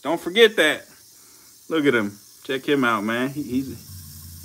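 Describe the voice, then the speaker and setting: A young man, giving loud, profane, laughing commentary as a channel host on a casual live stream. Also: medium pitch, expressive, takes it slowly, long pauses. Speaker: channel host feeding snakes.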